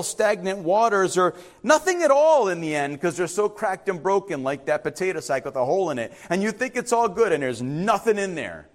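A man preaching a sermon in a high voice that swings widely in pitch. He moves from relaxed storytelling to emphatic, pressing preaching. A middle-aged pastor addressing his congregation.

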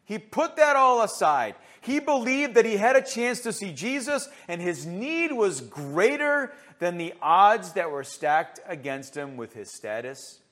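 Male preacher, high voice, sermon delivery, passionate, many rhetorical questions, shifts from loud to hushed. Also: very animated, unhurried, hardly any pauses.

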